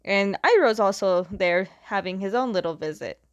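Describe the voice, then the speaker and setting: Chatty woman recapping a story, clear smooth voice, dry close sound. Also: medium pitch, expressive, normal speed, dry recording, muffled recording. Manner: chatty, laughs often, acts out quotes. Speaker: episode recapper. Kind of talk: casual plot retelling.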